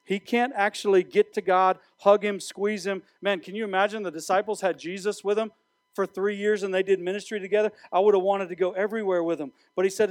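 Guy preaching to students, pretty high voice, talks right at them, dry sound. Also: a little fast, dry recording. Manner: animated preaching with direct address. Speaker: youth pastor. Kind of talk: sermon.

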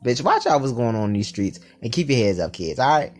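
A man telling a storytime tale in a vlog, animated and full of profanity and slang. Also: medium pitch, brisk.

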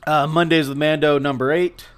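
A man's voice: a little high, fairly even intonation, normal speed, smooth. A man co-hosting a podcast from home, chatting casually in a joking, laid-back way with loose restarts. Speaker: podcast co-host. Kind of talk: casual chat. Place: indoors at home.

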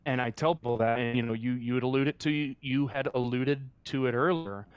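A man's voice: mid-range voice, brisk, clean tone, no room sound, highs cut off. An earnest man recounts a moving experience from his work as a mascot performer, his speech full of fillers and restarts as he searches for words. The sound is dry and close, with no room around it. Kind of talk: storytelling in a conversational interview.

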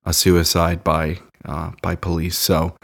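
A man co-hosting a casual comedy chat, with a deadpan, mock-serious delivery. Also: low-pitched, measured pace, vocal fry. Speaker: podcast co-host.

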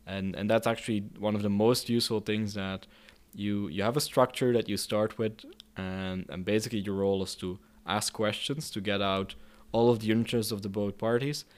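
A man with a fairly low, clear and smooth voice answers an interviewer's questions about mediating conflicts. He speaks thoughtfully and hesitantly, often restarting his sentences. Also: steady tone, moderate pace, hardly any pauses. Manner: hesitant, many restarts and fillers.

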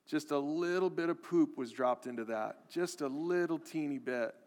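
Kindly mother with lemonade, a man doing her, soft and quiet, long hall echo. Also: on the high side, normal speed, close to an everyday voice. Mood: offhand.

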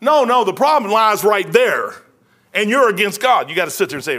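A man's voice: high-pitched, big pitch swings, fairly quick, pushed and bright. A man preaching a sermon as pastor, in a folksy, conversational way full of slang and asides.

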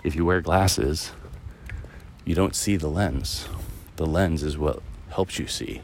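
Podcast host, man, very deep low voice, loose rambling reflective talk on an outdoor walk. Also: takes it slowly, vocal fry, slight background noise. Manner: rambling, musing, with many fillers and restarts. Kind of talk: casual reflective monologue. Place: outdoors, walking a dog through a neighborhood.

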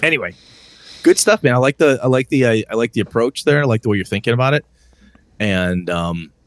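A man's voice: medium pitch, lively intonation, a little fast, no echo. A man co-hosting a podcast, chatting casually and rambling through stories while acting out his friends' lines. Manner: rambling storyteller who acts out friends' lines. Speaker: podcast co-host. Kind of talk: casual chat about tabletop gaming.

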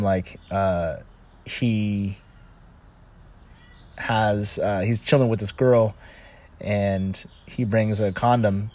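A middle-aged man with a fairly low voice speaks in a loose, rambling monologue. He restarts his sentences often and drifts into asides. He slips into animated quoted voices when retelling a scene. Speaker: commentator on relationships. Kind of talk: casual monologue.

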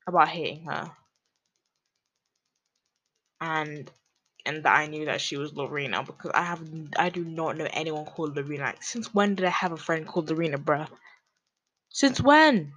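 A woman's voice: low-pitched, moderate pace, long pauses, a bit bright, poor audio. A woman hosting her own podcast, rambling casually in slangy, self-mocking talk. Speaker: podcast host.

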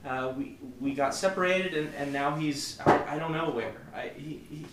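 A man's voice: a little high, normal speed, roomy sound, heavy background noise, pitched above the performer's own voice, natural voice. A man putting on a trembling, tearful farm girl. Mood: shaky stammering. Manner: shaky, stammering, breathless pleading. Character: scared young farm girl, tearful and pleading.

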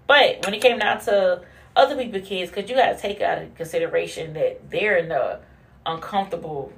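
A woman hosting a casual monologue podcast, blunt and profane, who laughs often and swings from low mutters to high bursts. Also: brisk, creaky, a little hiss or hum. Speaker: podcast host.

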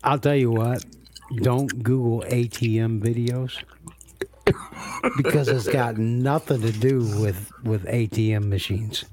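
A man's voice: medium pitch, fairly even intonation, a little slow, noisy background. A man co-hosting a long online show, trading crude jokes with a friend and laughing often. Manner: laughs often, joking and teasing. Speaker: podcast co-host. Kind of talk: crude casual banter.

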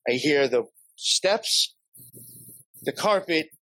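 A man's voice: on the high side, expressive, slow, sharp tone, no echo, poor audio. New York man, podcast guest, rambling storyteller, dry close sound. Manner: rambling, heavy swearing, laughs often. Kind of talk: casual storytelling.

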